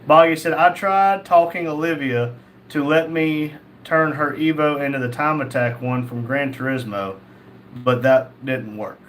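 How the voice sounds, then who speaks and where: A man's voice: a little high, measured pace, a little hiss or hum. A man hosting a casual livestream, reading viewer messages aloud and joking back at them. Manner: jokey, laughs often, reads messages in a flat quoting tone. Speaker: livestream host.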